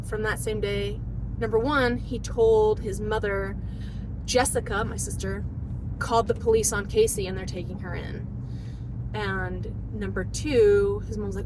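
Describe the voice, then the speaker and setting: A woman's voice: medium pitch, normal speed, slight background noise, poor audio. A woman telling a personal story in a rambling, emotional way, acting out what people said, recorded in a car. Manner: rambling, emotional, acts out quotes. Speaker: vlogger telling her story. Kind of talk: casual storytelling monologue.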